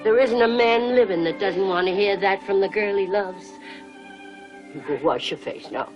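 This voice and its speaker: Tender mother, coaxing, expressive pitch, music behind, old film. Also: unhurried, dull audio. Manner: soothing, coaxing. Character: tender mother comforting her teenage daughter. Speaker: actress in a film.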